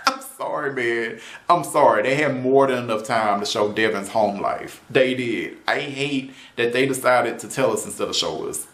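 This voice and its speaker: A man's voice: medium pitch, lively intonation, moderate pace, fairly bright tone. A man giving a casual opinion rant on a show, exasperated and often laughing, tossing in "man" and "right?". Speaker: video reviewer. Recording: roomy echo.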